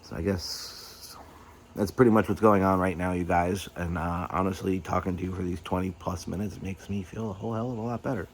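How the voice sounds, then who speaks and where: A man's voice: sits low, steady tone, fairly quick, slight background noise. A middle-aged man hosting his own vlog, venting candidly and agitated, swearing and stumbling over fillers. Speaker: YouTube host. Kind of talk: candid personal vlog rant.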